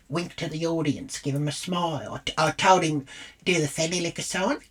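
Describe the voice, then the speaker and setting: Brash low-voiced Australian woman storyteller. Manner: brash, bawdy, chatty. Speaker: comic storyteller. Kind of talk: comic storytelling monologue.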